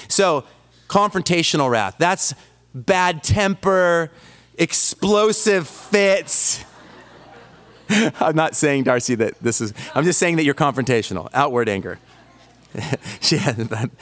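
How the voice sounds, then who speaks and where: A man's voice: fairly high pitch, a bit bright. A man preaching a sermon, telling stories with self-deprecating humor. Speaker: pastor.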